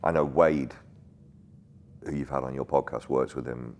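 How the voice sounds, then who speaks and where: A man with a very low, rumbling voice, chatting as a guest. He tells his stories with animation and drops swear words casually into the banter. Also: steady tone, moderate pace, darkish tone, a little hiss or hum. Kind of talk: casual storytelling in conversation.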